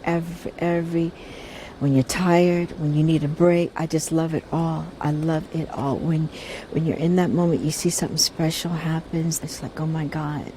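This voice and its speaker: A woman in her fifties, a guest in a casual interview, speaking softly and from the heart, often restarting her sentences. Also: low voice, steady tone, slight background noise, rough recording. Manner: soft-spoken, heartfelt, halting restarts.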